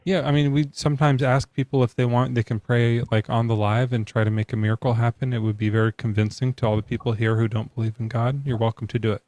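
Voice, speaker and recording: A man's voice: medium pitch, flat delivery, fast talker, hardly any pauses, darkish tone, no room sound. Rambling, joking man hosting a live debate. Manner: loose, rambling, joking, lots of likes and ums. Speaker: podcast host taking callers. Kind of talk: casual live debate chat.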